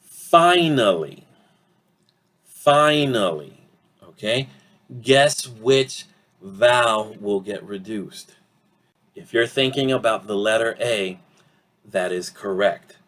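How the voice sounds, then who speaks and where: A male English teacher walks learners through pronunciation in an online lesson. His voice sits low and his pace is unhurried. He says each word deliberately to model it and keeps checking in with his listeners. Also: a bit bright. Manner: slow, deliberate modeling of words, frequent "okay?" checks.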